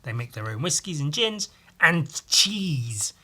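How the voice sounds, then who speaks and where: A man's voice: on the high side, big pitch swings, measured pace, bright, forceful tone, breathy edge. A man hosting a podcast, talking alone in a casual, rambling way, swearing freely and breaking off mid-sentence. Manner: sweary, rambling, self-interrupting. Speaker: podcast host.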